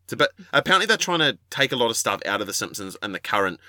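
A man's voice: lowish voice, very animated, racing, bright, forceful tone, no echo, clean studio sound. A man co-hosting a podcast, rambling in laid-back, crude banter. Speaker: podcast co-host. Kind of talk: casual banter.

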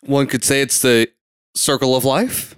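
A man's voice: medium pitch, steady tone, measured pace, clear, resonant tone, dry recording, studio quality. A man with hiccups chatting casually and joking while reacting to a movie. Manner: joking, swearing, laughing often. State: has the hiccups.

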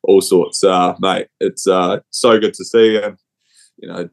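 Kiwi bloke with a cold, young, low monotone, rambling laid-back podcast guest chat. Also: male voice, measured pace, vocal fry. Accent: New Zealand. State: has a cold. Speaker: rugby player guest. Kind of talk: casual chat.

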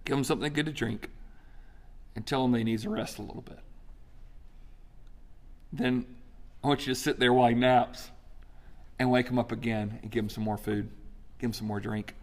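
God as a calm, fatherly presence, played by a man, speaking quietly and below the man's usual pitch. The instructions come out unhurried in tone but quick in delivery. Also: lightly acted. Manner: soft, low and quick.

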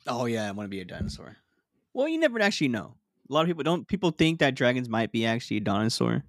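A young man co-hosts a podcast in a relaxed, slangy way and teases his friend. His pitch is average, and the dry recording has no echo. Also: fast. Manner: laid-back, slangy, teasing. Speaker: podcast co-host. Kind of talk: casual podcast chat.

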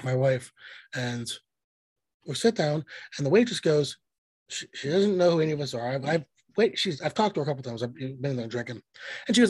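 A man's voice: medium pitch, animated, a little fast, long pauses, a little mellow, breathy edge, no echo. A man co-hosting a podcast in casual chat, blunt and profane, telling rambling stories. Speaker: podcast co-host.

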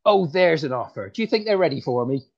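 A man voicing a bumbling rural farmer comedian with a rural English accent, talking in a halting, stammering, folksy way. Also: a little high, animated. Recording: dull lo-fi sound.

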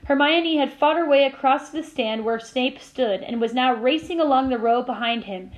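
A woman teacher reading a novel aloud to her class, with steady storytelling and small slips she corrects. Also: high-pitched, moderate pace, poor audio.

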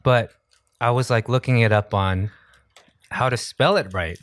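A man's voice: medium pitch, measured pace, a bit bright, no echo. A man co-hosting a podcast in casual chat, easygoing and laughing often as he tells stories. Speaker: podcast co-host.

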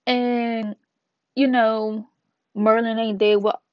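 A woman's voice: fairly high pitch, level tone, dry recording. Slangy woman reviewing manga. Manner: slangy and playful, retells scenes with quick asides. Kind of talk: casual video review. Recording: dull lo-fi dry sound.

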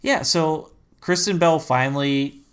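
A man's voice: on the high side, measured pace, clear, resonant tone. A man co-hosting a podcast, chatting casually about a movie and laughing often. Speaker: podcast co-host.

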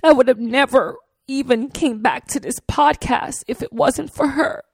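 Earnest woman podcast host, gravelly texture, dry close mic, personal storytelling. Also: high voice, measured pace, no room sound. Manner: earnest, heartfelt, with fillers and repeats.

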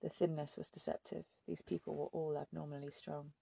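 A woman reading a novel aloud as an audiobook narrator, in a steady, measured storytelling manner. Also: deep voice, gravelly, a little hiss or hum. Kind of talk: scripted narration.

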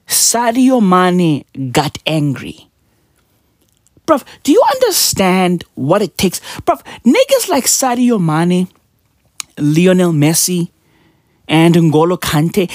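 A man hosting a comedic podcast, ranting in a mocking, profane way, firing rhetorical questions and often jumping up into high, yelping exclamations. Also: wildly swooping pitch, takes it slowly, dry recording, studio quality. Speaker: podcast host.

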